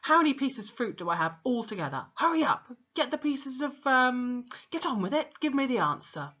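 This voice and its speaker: A woman voicing a brutal, bullying headmistress who shouts insults, on a dull lo-fi recording. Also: high voice, sing-song, moderate pace, voice pushed up, exaggerated voice. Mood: furious.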